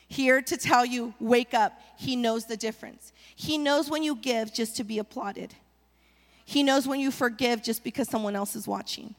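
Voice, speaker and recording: A woman's voice: sits high, a bit bright. A woman preaching a sermon as the pastor's wife, rallying the congregation with call-and-response. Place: church sanctuary. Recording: long reverb of a large hall.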